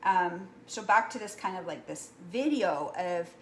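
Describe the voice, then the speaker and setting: A woman's voice: lowish voice, expressive, a little slow, echoey room, a little hiss or hum. A woman talking casually to the camera while cooking, rambling and chatty, often asking "right?". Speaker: cooking vlogger. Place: kitchen. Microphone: camera mic.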